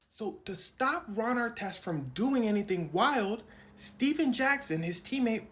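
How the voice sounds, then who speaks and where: A woman telling a comic story in a slangy, animated way, acting out quoted lines in funny voices. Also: on the high side, measured pace, slight background noise. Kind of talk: comic storytelling retelling a sports brawl.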